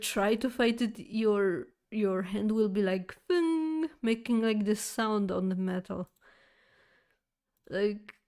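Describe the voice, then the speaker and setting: A woman streamer chats casually with her viewers, rambling through a nightmare story full of fillers, restarts and giggles. Her voice is mid-range and a little mellow.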